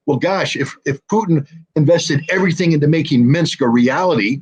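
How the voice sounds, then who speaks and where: A man's voice: fairly high pitch, a little fast, slightly rough. A man giving impassioned political commentary as an interview guest, emphatic and heated, with frequent ums and restarts.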